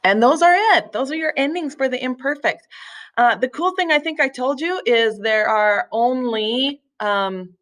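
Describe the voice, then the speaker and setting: A woman's voice: sits high, expressive, unhurried, a bit bright. A woman teaching a recorded language lesson, explaining step by step with patience, small slips and fillers. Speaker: Spanish teacher. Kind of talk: recorded screen-share lesson.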